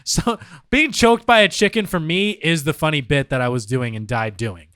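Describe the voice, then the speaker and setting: A man's voice: on the high side, normal speed, fairly bright tone, smooth, dry recording, studio quality. A man co-hosting a podcast, debating in a playful, joking way and acting out quoted reactions. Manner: playful, acts out quoted voices. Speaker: podcast co-host. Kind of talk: casual comedic debate.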